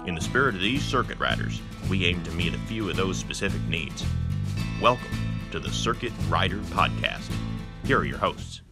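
A man reading a scripted podcast intro in a slow, solemn announcer style. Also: sits low, very animated, vocal fry. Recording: over loud guitar music.

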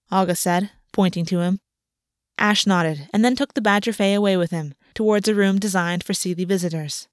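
A woman narrating a fantasy novel chapter in a steady, even reading voice. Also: mid-range voice, moderate pace, no room sound, clean studio sound. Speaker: audiobook narrator. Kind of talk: scripted narration.

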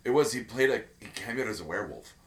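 A man's voice: on the low side, animated, fast. A man co-hosting a casual podcast chat, rambling with lots of fillers and restarts. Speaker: podcast co-host.

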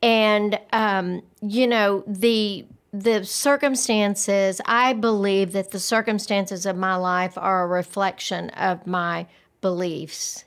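A woman's voice: medium pitch, steady tone, slow pace, clear, resonant tone. An older woman, co-hosting a casual podcast chat, talking reflectively and laughing easily. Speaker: podcast co-host.

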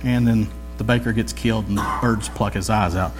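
A man's voice: on the low side, steady tone, a little fast, music in the background. A man preaching a sermon in a loose, conversational storytelling way, with jokey asides and slang.

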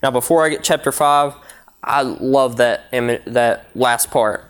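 A young man preaches a sermon to his congregation, reading long scripture passages aloud. He speaks earnestly and leans on key words for emphasis. His voice sits at an ordinary middle pitch. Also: fairly even intonation, moderate pace, clear, resonant tone.

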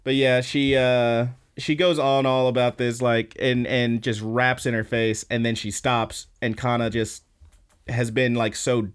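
A man co-hosting a podcast, casually recapping an anime episode with lots of fillers and quick laughs. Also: medium pitch, little pitch movement, clean tone. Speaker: podcast co-host.

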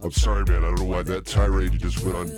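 A sick man co-hosting a casual podcast, coughing between lines and joking, quick to laugh. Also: low voice, level tone, loud music behind the voice. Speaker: podcast co-host. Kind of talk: casual chat.

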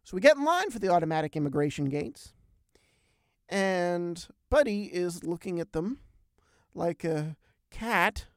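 A man hosting a podcast, telling a travel story in a lively, animated way with big swings in pitch and loudness. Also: measured pace, dry recording, studio quality. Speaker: podcast host. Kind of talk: casual storytelling chat.

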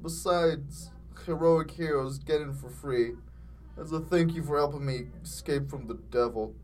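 A man voicing a male carnival clown host, in a slow, low, mopey delivery while reading fan fiction for laughs. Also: a little mellow, distant mic, a little hiss or hum, natural voice.

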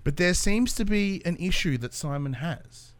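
A man's voice: high voice, animated, normal speed. An Australian man hosting a casual podcast roundtable, joking and swearing freely. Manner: jokey, swearing, laughs often. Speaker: podcast host.

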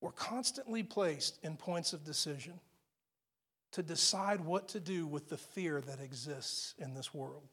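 A man preaching a sermon, retelling a scripture story with emphatic repetition and dropping to a hushed near-whisper for quoted lines. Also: on the high side, a little slow, breathy edge.

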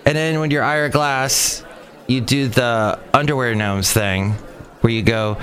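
A man's voice: mid-range voice, fairly even intonation, unhurried, a bit bright, a faint crowd. A man with a Californian accent, hosting a podcast in a chatty, wry, rambling monologue. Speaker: podcast host. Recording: traffic noise in background.

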